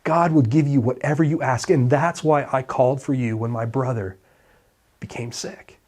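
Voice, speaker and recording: A male pastor preaching a sermon, retelling a scripture story and acting out the dialogue with animated, conversational delivery. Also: medium pitch, moderate pace. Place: church sanctuary.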